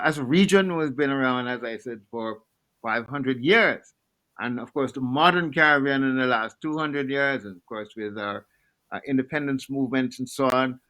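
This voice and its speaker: A man speaking as a panelist on a video-call webinar, answering earnestly and inviting people warmly, with many fillers. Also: medium pitch, low-quality recording.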